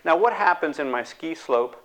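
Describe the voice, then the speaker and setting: A man giving a lecture, animated and acting out the voices of the people in his examples. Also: on the high side, normal speed. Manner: animated, acts out quoted voices.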